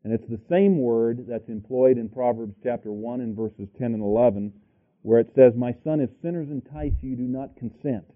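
A man preaching a sermon, reading scripture aloud and thinking aloud between verses with halting restarts. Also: mid-range voice. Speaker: pastor. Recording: tinny lo-fi sermon tape.

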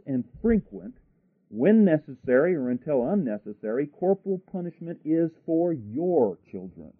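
Slightly high and breathy, a man's voice delivers an emphatic sermon full of rhetorical questions, asides and frequent restarts. The sound is dry, like a tinny radio broadcast.

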